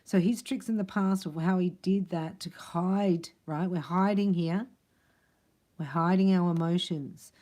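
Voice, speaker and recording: Woman, tarot reader, casual chatty rambling delivery, fairly low pitch, mellow warm tone. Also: measured pace. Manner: chatty, rambling, laughs between thoughts. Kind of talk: casual spoken tarot reading.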